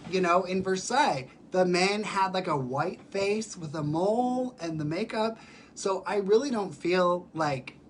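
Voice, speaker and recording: A man who performs in drag, chatting casually on a live stream while sick, with a raspy voice and many fillers. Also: high-pitched, a little hiss or hum. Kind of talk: casual livestream chat. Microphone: phone or webcam for a live stream.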